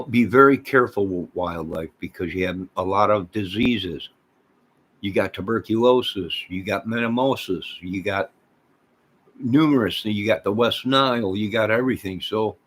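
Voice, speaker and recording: An American man with a lowish, fairly bright voice talks at normal speed. Hosting a livestream, he rambles casually with viewers, reads their comments aloud, and trails off mid-thought.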